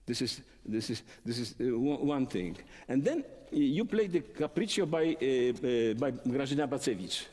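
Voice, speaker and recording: A man teaching a violin masterclass, singing musical phrases in syllables and explaining tempo and dynamics in halting speech with many fillers. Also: medium pitch, animated, darkish tone. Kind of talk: masterclass instruction. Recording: long hall reverb.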